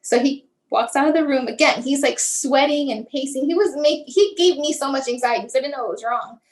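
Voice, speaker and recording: A woman's voice: high-pitched, fairly quick, low-quality recording. A woman guest telling a personal story about her son, acting out remembered dialogue with frequent "like" and "um". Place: lives in the Tampa area.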